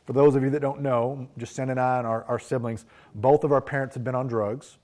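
A man's voice: medium pitch, steady tone, a little fast, a little mellow. A man preaching a sermon, telling personal stories in an earnest, reflective way. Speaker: pastor.

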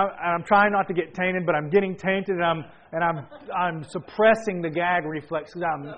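A man preaching a sermon, telling a family story with animated energy and sudden bursts of shouting. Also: high-pitched. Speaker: pastor. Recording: dull lo-fi sound.

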